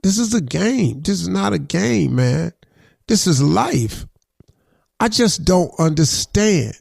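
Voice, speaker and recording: A middle-aged radio host delivers a heated, preachy rant, circling back on his points and dropping "man" between lines. His voice sits fairly high and has a gravelly edge. The sound is dry and close, with no room around it. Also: big pitch swings, slow, a little mellow, dry recording. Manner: preachy, heated, repeats himself, says "man" often. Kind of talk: impassioned on-air rant.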